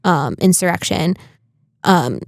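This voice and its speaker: A young woman co-hosting a podcast, chatting casually and getting indignant in quick bursts. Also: on the low side, creaky, dry recording, clean studio sound. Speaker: podcast co-host. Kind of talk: casual chat.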